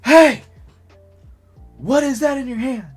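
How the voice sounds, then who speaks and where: A man's voice: extremely high pitch, takes it slowly, husky, faint music behind, pitched above the performer's own voice, full character voice. A man voicing an angry woman teacher who shrieks and scolds her class. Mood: shrill scolding.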